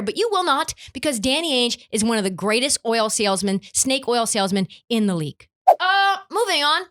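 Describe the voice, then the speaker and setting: A woman's voice: on the high side, big pitch swings, normal speed, fairly bright tone. A young woman hosting a sports podcast, ranting in an emphatic, profane, opinionated way. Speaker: podcast host.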